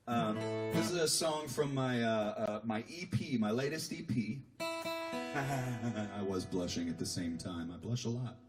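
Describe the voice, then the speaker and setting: Rambling man chatting over guitar. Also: medium pitch. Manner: rambling, self-deprecating, reads viewer comments aloud. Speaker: singer-songwriter hosting a live stream. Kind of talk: casual chat with live-stream viewers between songs. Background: acoustic guitar playing.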